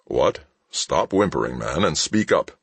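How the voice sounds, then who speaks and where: A man's voice: extremely low pitch, big pitch swings, a little slow, breathy edge, no room sound, full character voice. A man doing a coolly menacing, sardonic shipmaster. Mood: calm menace. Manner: conversational, dryly mocking threats. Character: cool, menacing male shipmaster, sardonic and unhurried. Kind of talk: audiobook character voice.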